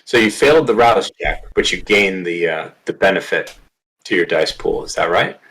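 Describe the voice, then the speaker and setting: A man's voice: low-pitched, expressive, normal speed, a bit bright, low-quality recording. A man running a tabletop horror game, narrating scenes vividly and checking rules with players. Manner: vivid, dramatic narration mixed with rules talk. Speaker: game master.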